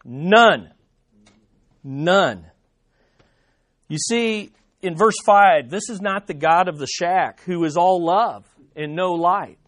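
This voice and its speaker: A man preaching a sermon as pastor, emphatic, repeating key phrases and slowing down on the main points. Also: high-pitched. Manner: slows down on key statements.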